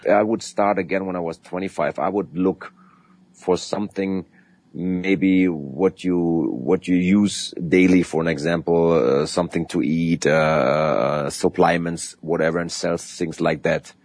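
A man with a German accent answering as a guest in an interview, animated and full of restarts. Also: low-pitched, measured pace. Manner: animated, acts out sales calls, frequent restarts. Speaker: guest sales expert.

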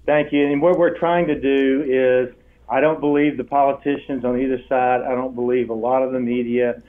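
An older man with a drawl tells stories as an interview guest, bringing the people he quotes to life with laughter in his voice. His pitch sits mid-range for a man. The sound is tinny and thin, as if over a phone line. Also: fairly quick. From Texas. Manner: animated storyteller, acts out quoted voices with laughs. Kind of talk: storytelling interview.

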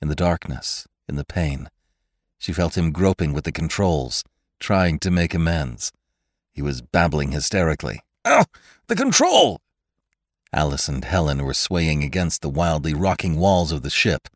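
A man narrating a story in a scripted, expressive read that swells in action scenes. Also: rumbling low, normal speed, no echo, clean studio sound. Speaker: audiobook narrator.

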